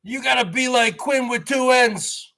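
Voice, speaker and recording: A man voicing a loud, bullying male fitness trainer who barks orders in his face. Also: very high-pitched, unhurried, creaky, full character voice. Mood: barking orders. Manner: shouting orders.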